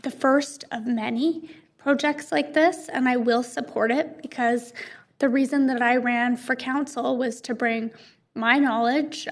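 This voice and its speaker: A woman in her thirties with a Canadian accent, a city councillor speaking earnestly at a council meeting with many fillers and restarts. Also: high-pitched.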